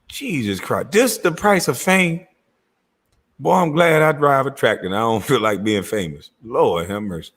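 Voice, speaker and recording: A man's voice: medium pitch, fairly bright tone, husky. A man giving profane, incredulous reaction commentary on a clip he is watching.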